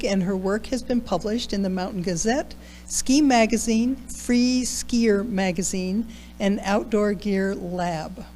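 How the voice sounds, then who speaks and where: Woman MC at a library open mic, slow and measured, reading bios; faint hum behind. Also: medium pitch, darkish tone. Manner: slow, unhurried, with pauses and fillers. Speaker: event host. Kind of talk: introducing readers. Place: library event room.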